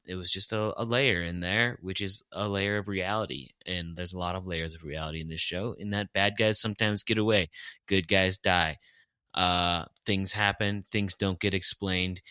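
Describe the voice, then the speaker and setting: A man's voice: low-pitched, sharp tone, smooth, no echo, clean studio sound. A man co-hosting a podcast, chatting casually and enthusiastically in a rambling way. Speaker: podcast co-host.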